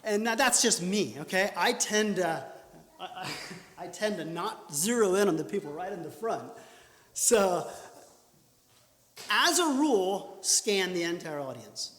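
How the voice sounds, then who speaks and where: A man gives a lively, animated talk on public speaking, his fairly high voice often breaking off to restart a sentence. He is recorded in a church hall. The sound is roomy, with a long reverb tail. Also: measured pace. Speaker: speaker at a church training session.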